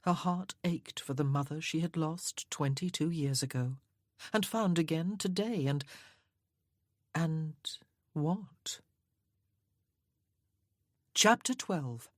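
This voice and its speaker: A woman narrating an audiobook in a measured, even way. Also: deep voice, dry recording, clean studio sound.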